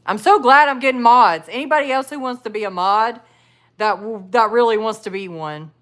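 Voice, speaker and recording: A woman's voice: a little high, fairly quick, fairly bright tone. A woman hosting a casual live stream, reading chat comments aloud and talking with viewers. She chats loosely, laughs often and fills her talk with "like". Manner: chatty, laughs often, many "like" fillers. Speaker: livestream host reading chat.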